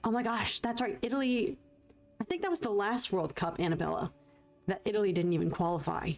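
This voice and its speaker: A woman's voice: mid-range voice, brisk, vocal fry. Chatty woman streaming while painting. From United States. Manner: chatty, laughs often, thanks chat viewers. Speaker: livestreaming artist. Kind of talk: casual chat while painting.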